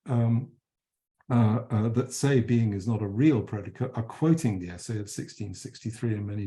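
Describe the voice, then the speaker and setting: A middle-aged man delivers an academic philosophy lecture in a mellow, relaxed tone. He speaks in a measured way, pressing hard on key points and often correcting himself mid-sentence with small fillers. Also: mid-range voice. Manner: measured, emphatic, with frequent fillers and self-corrections.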